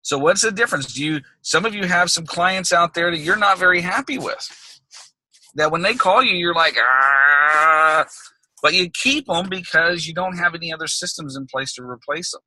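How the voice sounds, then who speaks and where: Guy coaching on a group call, keeps saying okay?, fairly high voice, dead dry sound. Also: brisk, sharp tone, no room sound, low-quality recording. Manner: emphatic, conversational, repeats points with "okay?". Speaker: business coach. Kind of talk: recorded group call teaching.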